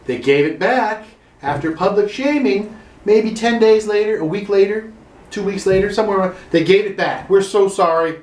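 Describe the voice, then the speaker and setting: High-voiced sarcastic comedian man. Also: moderate pace, a little mellow, roomy sound. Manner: swearing, sarcastic, rising to exaggerated outrage. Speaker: standup comedian. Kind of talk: solo comic rant. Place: his own room.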